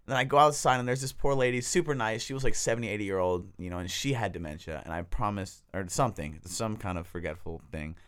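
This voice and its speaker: A man's voice: on the low side, fast, hardly any pauses, fairly bright tone, clean tone. A young man with a Bay Area accent, telling a personal story as a podcast guest in a laid-back, slangy way and laughing often. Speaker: guest, detox technician. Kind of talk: casual storytelling. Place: podcast studio.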